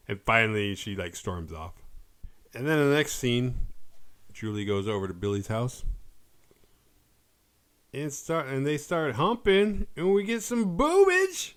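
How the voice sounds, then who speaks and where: A man casually recapping a horror movie on his podcast, acting out characters' lines as he goes. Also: medium pitch. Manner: animated retelling, quick quoted voices for characters.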